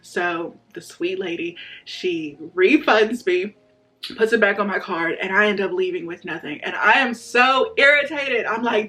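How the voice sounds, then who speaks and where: A woman's voice: mid-range voice, normal speed, pushed and bright. A young woman telling a personal story in a casual, chatty way, speaking straight to her viewers and acting out what people said. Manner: chatty, addresses viewers directly, acts out quotes. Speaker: vlogger sharing a testimony.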